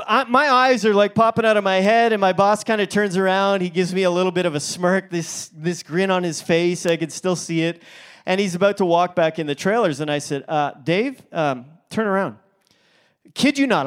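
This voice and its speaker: A male pastor preaching a sermon, telling a story in a chatty way with fillers and restarts. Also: sits high.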